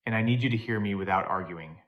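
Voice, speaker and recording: A tense, unheard husband who speaks in halting, strained phrases, as a male narrator reads his lines. The voice is low-pitched and stays close to a plain reading tone, in a storybook telling. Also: lo-fi sound, natural voice. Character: anxious, unheard married man finding his voice.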